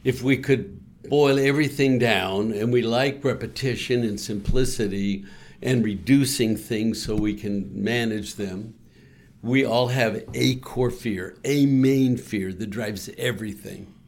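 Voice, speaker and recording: Gravelly-voiced man leading a prayer. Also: mid-range voice, a little slow, a little mellow. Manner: leads listeners in spoken prayer, earnest and pastoral. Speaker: co-host. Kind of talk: faith-based podcast conversation.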